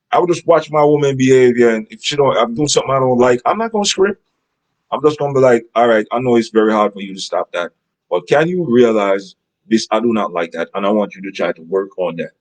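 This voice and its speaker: Man, somewhat high voice, rambling casual monologue, repeats himself, keeps asking if you understand. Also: poor audio. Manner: rambling, repetitive, often asks "Understand?". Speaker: relationship advice vlogger.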